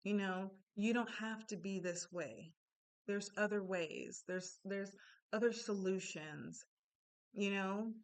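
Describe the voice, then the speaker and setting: Slow, smooth-voiced woman giving candid advice. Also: mid-range voice. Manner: chatty and candid, with laughs and asides. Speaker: self-help speaker. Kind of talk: casual motivational talk.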